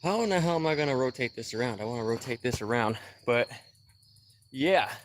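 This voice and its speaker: A man's voice: mid-range voice, a little fast, a little hiss or hum. A man livestreaming a car repair from his backyard, talking loosely to viewers while winded. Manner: loose, rambling, greets viewers by name. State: out of breath. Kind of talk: casual livestream chat. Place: backyard, outdoors.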